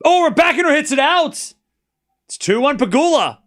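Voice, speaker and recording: A man hosting a live stream, calling tennis play-by-play in a chatty, excitable way, joking about the crowd and talking to his viewers. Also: very high-pitched, normal speed. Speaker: stream host.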